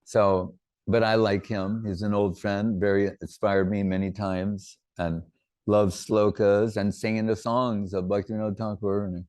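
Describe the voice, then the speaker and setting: Man, spiritual teacher, informal religious talk, rambling anecdotes, lowish voice, dry close sound. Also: little pitch movement, unhurried, darkish tone, no echo.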